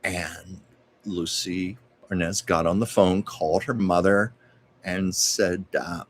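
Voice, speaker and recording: A man with a very deep voice hosts a livestream, telling anecdotes conversationally in a steady, slow way. He adds asides and corrects himself as he goes.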